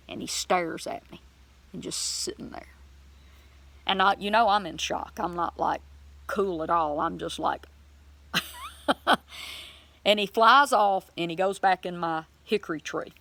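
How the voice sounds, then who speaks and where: A woman telling a personal faith testimony in a plain-spoken, folksy way, animated and emotional as she acts out her own words. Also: fairly low pitch, normal speed, creaky. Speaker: Christian vlogger sharing a testimony.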